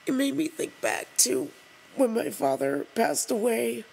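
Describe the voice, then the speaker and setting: A woman reading an open letter aloud to the camera while crying, halting and breaking off to apologize. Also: a little high, sing-song, creaky, darkish tone, a little hiss or hum, low-quality recording. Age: adult over 20. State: crying, tearful. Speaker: vlogger.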